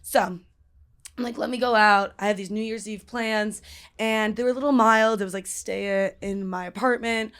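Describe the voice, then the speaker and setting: A woman's voice: mid-range voice, fairly even intonation, moderate pace, smooth. A young woman co-hosting a podcast, telling a story in casual chat, rambling with lots of fillers. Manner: rambling, filler-heavy, laughing often. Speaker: podcast co-host.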